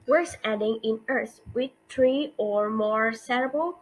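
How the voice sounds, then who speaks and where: A woman giving a class presentation, reading carefully and slowly with some non-native grammar slips. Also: fairly high pitch, slight background noise, rough recording. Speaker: student presenter. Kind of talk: class presentation on word stress.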